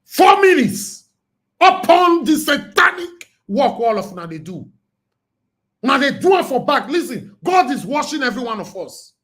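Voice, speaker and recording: An older man with a northern Nigerian accent calling in over the phone, speaking quietly and earnestly. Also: very high voice, very animated, moderate pace. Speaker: caller. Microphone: phone line.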